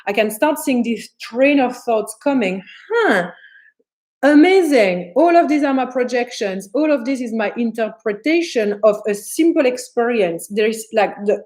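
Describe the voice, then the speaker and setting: On a live stream, a chatty, animated spiritual teacher with a fairly high-pitched voice responds to viewer comments, laughing while she performs the voices in her head.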